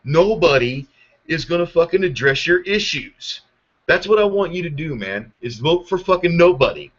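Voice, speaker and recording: A man's voice: on the high side, lively intonation, normal speed, fairly bright tone. Profane ranting man, muffled audio. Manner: angry, heavy swearing, sarcastic. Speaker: podcast host. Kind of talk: profane political rant.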